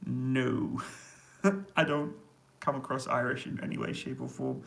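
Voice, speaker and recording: A man's voice: mid-range voice, level tone, moderate pace, gravelly, a bit bright, low-quality recording. A man casually chatting on a live stream from army accommodation, reading out viewer comments and answering them in an easygoing way with frequent laughs. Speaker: YouTuber answering live chat. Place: army accommodation room, indoors.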